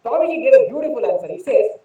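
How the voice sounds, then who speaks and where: A man's voice: very high voice, very animated, quick pace, warm tone. A man from India with an Indian English accent gives a spiritual talk as a monk. He repeats key phrases and asks and answers his own questions. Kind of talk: spiritual lecture with storytelling. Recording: distant, echoey, dull online lecture audio.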